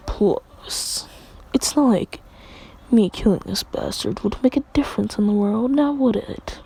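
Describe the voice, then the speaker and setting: A woman's voice: medium pitch, expressive, unhurried, creaky, mellow, husky, exaggerated voice, poor audio. A woman doing a smug immortal killer boy. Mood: smug taunting. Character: smug immortal young man who kills casually.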